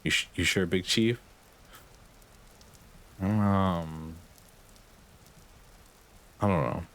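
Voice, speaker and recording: A young man with a low, very slow, fairly bright voice streams a game and chats casually with his viewers, rambling, sarcastic, and swearing offhandedly.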